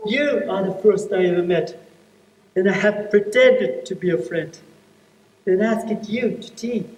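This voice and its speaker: A man's voice: high-pitched, a little slow, a little mellow. A man playing a remorseful, tearful male faun in a stage play, talking wistfully and pleadingly. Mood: anguished. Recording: echoey stage hall from far off.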